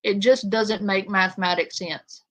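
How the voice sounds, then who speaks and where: A woman's voice: mid-range voice, steady tone, measured pace. Sarcastic woman reacting to a clip. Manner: sarcastic, blunt, swearing. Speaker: reaction streamer. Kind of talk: casual commentary on a clip.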